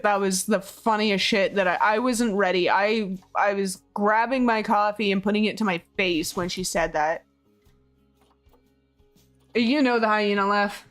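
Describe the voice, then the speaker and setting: A hoarse woman streamer chatting casually with her viewers, rambling, laughing often and swearing freely. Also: medium pitch. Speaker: game streamer. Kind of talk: casual chat with viewers while building.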